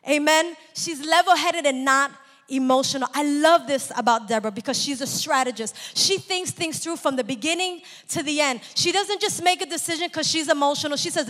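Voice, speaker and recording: A woman preacher delivering a sermon, calling for amens and building to shouted exhortations. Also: sits high, brisk, long reverb tail. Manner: call-and-response, rising to shouts.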